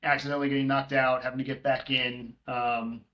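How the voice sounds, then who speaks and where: A man in casual podcast conversation, working through lists with plenty of ums and restarts. His voice sits at a middle pitch. The room around him adds a noticeable echo. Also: level tone, fairly quick, lo-fi sound. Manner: rambling, many filler ums, listing prices. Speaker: co-host, short-term rental manager. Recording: roomy echo.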